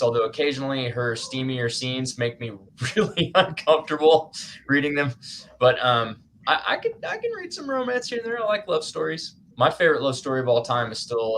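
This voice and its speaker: A man's voice: mid-range voice, a bit bright, a little hiss or hum. Rambling, laughing male host. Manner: rambling and self-conscious, laughing often, with many restarts. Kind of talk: casual live-stream chat.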